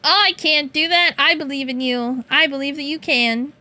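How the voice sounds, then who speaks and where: A young woman streaming, chatting playfully with her viewers, teasing and laughing often and breaking into high meows. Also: normal speed, sharp tone. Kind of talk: casual chat with chat.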